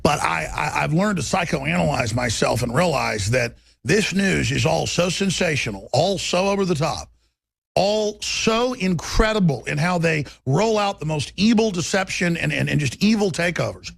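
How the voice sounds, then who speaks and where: A man's voice: a little high, lively intonation, moderate pace, creaky, a bit bright, husky, no room sound. A man hosting a talk radio show, delivering an intense, rambling, emphatic monologue.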